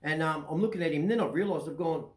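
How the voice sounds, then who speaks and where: A man's voice: a little high, fast talker, reverberant, poor audio. A man with an Australian accent, hosting his own show and telling a long story in a casual, rambling way, often checking in with "right?". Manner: chatty, keeps asking "right?". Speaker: storyteller host.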